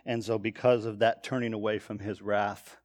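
A man's voice: fairly low pitch, flat delivery, normal speed. A man preaching, teaching a text verse by verse and reading each verse aloud with lifted emphasis before explaining it.

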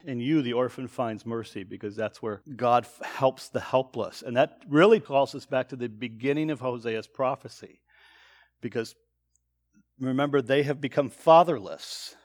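A man's voice: medium pitch, moderate pace. A man preaching, teaching a text verse by verse and reading each verse aloud with lifted emphasis before explaining it.

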